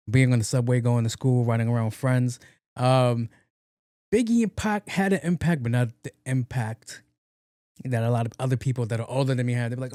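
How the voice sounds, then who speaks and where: A man's voice: mid-range voice, fairly quick, darkish tone, dry recording, clean studio sound. A man hosting his own podcast alone, chatting casually in a rambling, slangy and profane way, recorded at home. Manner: rambling, slangy and profane, breaks into sung snippets. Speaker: podcast host. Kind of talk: casual solo chat. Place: home room with windows open.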